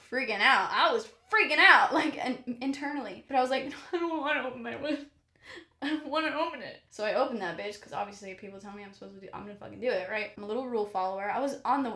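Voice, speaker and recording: Animated young woman telling a story, echoey room. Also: fairly high pitch. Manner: animated, swears often, exaggerated for comic effect. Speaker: vlogger. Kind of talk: casual storytelling vlog.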